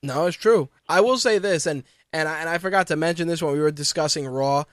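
A man co-hosting a casual wrestling podcast, talking in an animated, profane way and mocking what he quotes. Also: on the high side, brisk, no room sound, studio quality. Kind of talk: casual chat.

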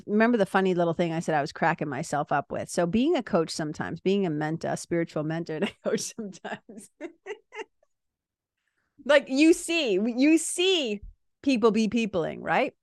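A woman's voice: medium pitch, fairly bright tone, no echo, studio quality. A woman podcast host and spiritual coach, talking casually in a blunt, joking way and laughing often as she acts out her clients.

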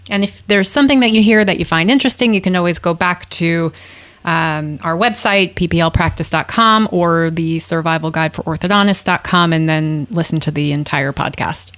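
A woman co-hosts a podcast with a chatty, explaining manner. Her voice sits fairly low for a woman. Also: moderate pace, a bit bright. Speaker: podcast co-host. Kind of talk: casual podcast chat.

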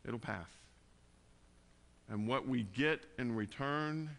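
A man delivers a sermon in a conversational way, dropping soft and then rising into loud emphasis. His voice has a bright, forceful edge at a middle pitch. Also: slow pace, creaky. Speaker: pastor.

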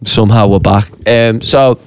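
A man tells a pub story on a podcast, animated and swearing freely, slipping into quick voices for the people in it. His tone is smooth and resonant. The sound is close and dry, with no room around it. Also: fairly low pitch, dry recording. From Liverpool, England. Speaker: podcast co-host. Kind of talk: casual chat, storytelling. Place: podcast studio.

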